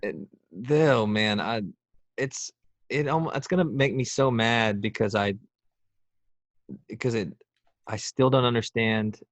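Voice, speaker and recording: A man's voice: medium pitch, a little slow, pauses often, no room sound. A man as a podcast guest in casual chat, joking and rambling with lots of restarts.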